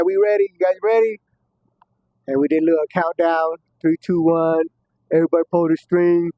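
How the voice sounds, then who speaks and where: A man's voice: a little high, no room sound. A man casually telling a story from prison, heavy on profanity, laughing at times and acting out what others said. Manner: profane, laughing, acts out quoted voices. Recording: dull muffled dry audio.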